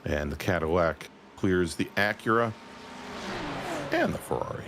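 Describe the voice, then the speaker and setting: Man, color commentator, very low voice, lively swings in pitch, clear background noise, teasing banter. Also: a little slow. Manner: laughing, teasing banter with lap times. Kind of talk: sim racing commentary.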